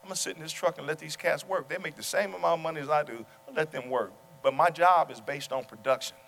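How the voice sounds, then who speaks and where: A man's voice: on the high side, quick pace, creaky. Preaching man in an echoing church. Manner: preaching, builds to loud exclamations. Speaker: pastor. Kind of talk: sermon. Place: church sanctuary. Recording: long hall reverb.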